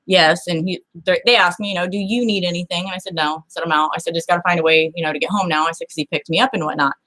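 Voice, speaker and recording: A woman's voice: fairly low pitch, racing. Blunt, foul-mouthed woman telling a story. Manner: blunt and profane, swears freely; animated, acts out the people in her story. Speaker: show's star telling a personal story. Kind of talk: casual storytelling.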